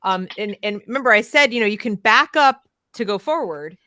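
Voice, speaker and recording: A woman hosting a panel discussion, effusive and chatty, thanking her guests warmly. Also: mid-range voice, animated, brisk, hardly any pauses, no room sound, studio quality. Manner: warm, effusive, chatty with fillers. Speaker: host.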